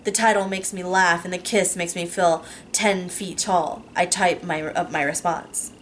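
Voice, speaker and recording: Woman narrator, audiobook reading, lower voice, steady and unhurried, casual slips. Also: slight background noise. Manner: steady, unhurried reading with small self-corrections. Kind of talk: first-person novel reading.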